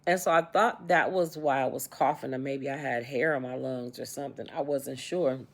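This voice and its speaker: Gravelly-voiced woman in her sixties. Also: extremely low pitch, normal speed. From United States. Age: 60s. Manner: repetitive, animated retelling with quoted dialogue. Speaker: vlogger. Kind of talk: casual storytelling.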